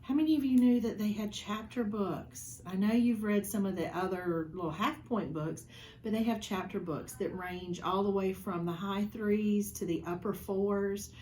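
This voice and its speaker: Expressive woman reading a picture book. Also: medium pitch, normal speed, slight background noise. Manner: warm, chatty, expressive. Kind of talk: picture book read-aloud for children. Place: school office.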